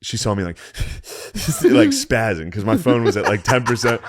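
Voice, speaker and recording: A man co-hosting a podcast, telling a profane, animated story full of griping and laughter. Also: lowish voice, unhurried, background noise. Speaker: podcast co-host. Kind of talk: casual storytelling chat.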